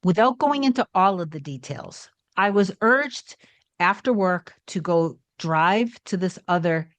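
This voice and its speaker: A woman's voice: fairly low pitch, no room sound. Woman coach rambling thru a personal story, heartfelt, dry no-room sound. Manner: earnest, rambling with restarts and acted quotes. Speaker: manifestation coach.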